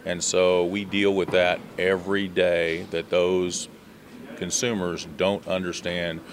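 A man's voice: sits low, level tone, takes it slowly, a little hiss or hum. An American man who leads a student agriculture tour, answering interview questions earnestly and advocating for farming, with some restarts. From USA.

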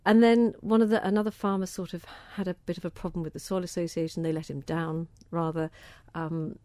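Chatty southern English woman, low voice. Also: flat delivery, brisk, mellow, dry recording. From southern England. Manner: chatty, enthusiastic, self-deprecating, repeats words when starting. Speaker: interviewee, organic food campaigner. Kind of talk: casual interview answers.

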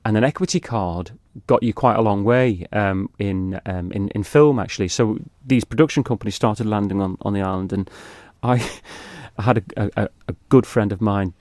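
Middle-aged male guest, rambling, self-mocking storyteller, lowish pitch, dry close sound. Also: normal speed, few pauses, a little mellow, no room sound. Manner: rambling, self-deprecating, laughs often. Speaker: actor guest. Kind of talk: anecdotal podcast chat.

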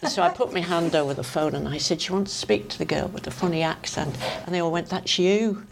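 An older woman with a Manx accent, a lively storyteller who laughs often, reminiscing in a conversation. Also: low voice, creaky, a little hiss or hum. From Isle of Man. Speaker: interviewee.

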